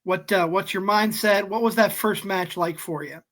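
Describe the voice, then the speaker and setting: A woman's voice: mid-range voice, steady tone, normal speed, a bit bright. Woman asking questions as podcast co-host. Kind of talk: casual podcast interview.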